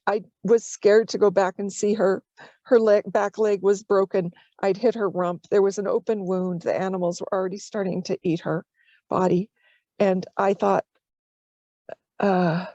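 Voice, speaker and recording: Meditation teacher, woman, mellow tone, slow heartfelt storytelling, dull dry recording. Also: medium pitch, no room sound. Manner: slow, tender storytelling, at times tearful. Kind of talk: personal story in a dharma talk.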